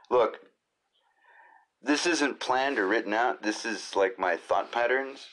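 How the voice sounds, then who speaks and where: A man hosting his own solo podcast, talking off the cuff in a rambling, jokey way with quick asides. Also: on the low side, a bit bright. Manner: rambling, jokey, jumps between silly voices and asides. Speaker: podcast host.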